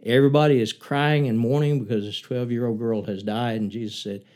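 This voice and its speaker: Older man telling a Bible story, mellow voice. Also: fairly even intonation, brisk. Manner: earnest, rising in pitch and force as he retells the story. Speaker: former missionary preacher. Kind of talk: reflective talk and Bible storytelling.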